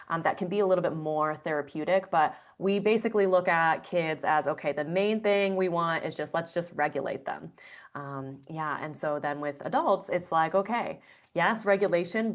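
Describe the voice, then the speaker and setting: A woman's voice: deep voice, fairly bright tone. A woman guest on an interview podcast, explaining breathwork earnestly with frequent fillers. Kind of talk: conversational interview answer.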